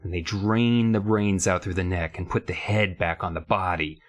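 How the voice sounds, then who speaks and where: A man's voice: low voice, moderate pace. Rambling, jokey male podcast co-host. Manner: rambling, jokey, many fillers. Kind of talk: casual chat recapping a book.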